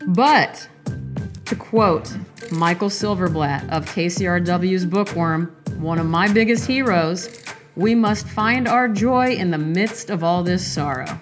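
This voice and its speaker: A woman's voice: slow pace, over music. Candid woman hosting a podcast. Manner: candid, rambling, animated swings in pitch. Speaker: podcast host. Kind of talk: casual monologue.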